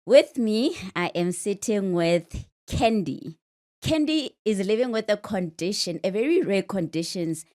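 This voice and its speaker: A woman's voice: mid-range voice, lively intonation, measured pace, mellow. A woman, a Sotho speaker, hosting a podcast interview with friendly, chatty questions. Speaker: podcast host. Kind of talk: casual interview.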